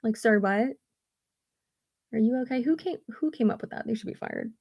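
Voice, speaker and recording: A blunt, sarcastic woman chatting casually on a livestream, swearing freely as she talks. Her mid-pitched voice carries a gravelly edge. The sound is dry and close, with no room echo. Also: normal speed, darkish tone. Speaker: beauty YouTuber. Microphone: streaming setup at home.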